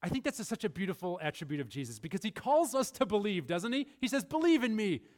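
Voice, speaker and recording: Lively, high-voiced male preacher. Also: fast. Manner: animated, laughing often, acting out voices of figures. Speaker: pastor. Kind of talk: sermon. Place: church sanctuary.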